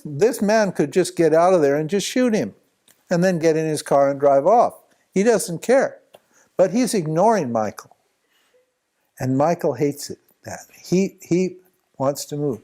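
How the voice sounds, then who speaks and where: A man teaching at a spiritual retreat, telling a long anecdote with lots of restarts and chuckles. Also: on the high side. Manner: rambling, animated anecdote with many restarts and laughs. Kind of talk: storytelling talk at a retreat.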